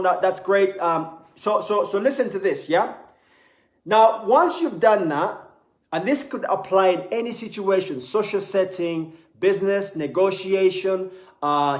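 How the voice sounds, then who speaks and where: A man giving a live online sales lesson in an animated way, repeating words as he talks. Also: sits high. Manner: animated, acts out little voices, repeats words. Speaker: sales trainer. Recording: echoey room.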